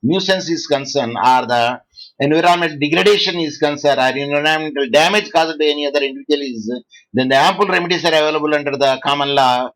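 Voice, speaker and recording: A man from India, giving a law lecture to students, halting often and quizzing the class. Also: fairly high pitch, a bit bright, rough recording. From South India.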